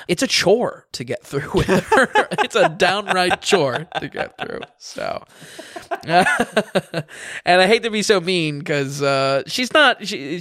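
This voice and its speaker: A man talks through a film review in loose, casual podcast chat. His voice sits fairly high and he circles back with lots of ums and restarts. The mic is close and dry, with no room sound. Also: a bit bright, no room sound. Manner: rambling, many fillers and restarts, laughs often. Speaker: film reviewer, show host.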